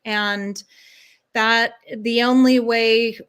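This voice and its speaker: A woman's voice: a little high, fairly even intonation, very slow, a bit bright, clear, resonant tone. A woman guest, a spiritual guide and life coach, answering interview questions in an earnest, soothing way, stringing ideas together in long flowing lists.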